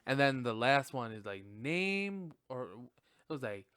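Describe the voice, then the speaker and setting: Brief: animated male podcast host, laughing and cursing, unhurried delivery, dry room. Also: mid-range voice, clear, resonant tone, no echo. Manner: profane, animated, laughs often. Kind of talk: casual film review chat.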